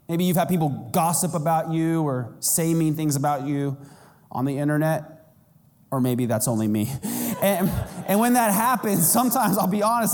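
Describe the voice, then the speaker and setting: A man preaching a sermon as pastor, animated and self-mocking, with big jumps in pitch. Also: in a large hall. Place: church sanctuary.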